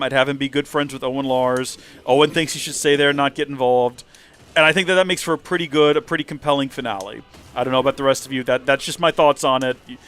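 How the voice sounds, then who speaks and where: Rambling, animated male streamer. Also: on the high side, clear, resonant tone. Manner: rambling, animated, acts out quotes. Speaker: let's play streamer. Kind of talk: casual gaming livestream commentary.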